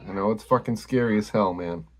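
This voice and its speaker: A man with an Australian accent hosting a casual card-opening video, relaxed, blunt and a bit sweary. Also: fairly low pitch, brisk. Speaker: host.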